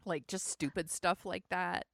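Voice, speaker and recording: A woman's voice: fairly low pitch, steady tone, unhurried, creaky, fairly bright tone, dry recording, clean studio sound. A woman co-hosting a podcast, chatting casually and laughing often. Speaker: podcast co-host. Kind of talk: casual chat.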